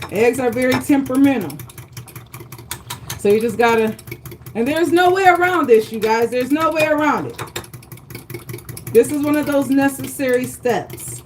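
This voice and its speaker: A woman's voice: sits high, slight background noise. A woman hosting a live cooking demonstration from her home kitchen, chatty and encouraging, often checking in with viewers. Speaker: cooking show host. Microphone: livestream setup.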